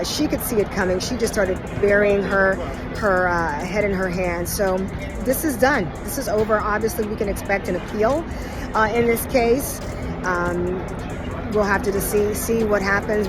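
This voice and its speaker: A woman reporting unscripted from outdoors, hesitant and full of fillers. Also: mid-range voice. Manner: unscripted, many fillers and restarts. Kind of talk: on-the-scene report. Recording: loud music mixed under the voice.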